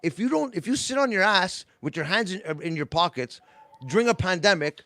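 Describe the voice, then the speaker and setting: A man's voice: high-pitched, lively intonation, brisk, bright, forceful tone. A man on a podcast as a guest, chatting casually, encouraging and often saying "you know what". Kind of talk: casual chat.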